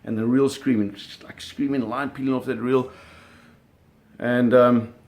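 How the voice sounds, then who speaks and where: A middle-aged man casually telling a story, animated, with sound effects and acted quotes. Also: medium pitch, measured pace. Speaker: storyteller recounting a fishing trip.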